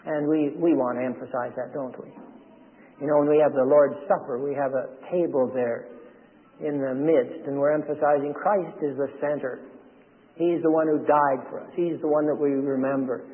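Man, preacher, fairly high voice, emphatic and repetitive; thin radio sound with a long echo. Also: fairly even intonation, normal speed. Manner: emphatic, repeats points with rhetorical questions. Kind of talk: sermon. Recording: tinny radio broadcast with long reverb.

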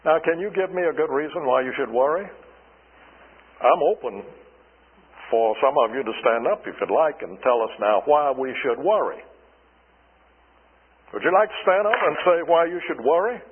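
Guy preaching a sermon real slow, kinda high and husky, tinny radio sound with long reverb. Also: expressive. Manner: slow, deliberate preaching with rhetorical questions.

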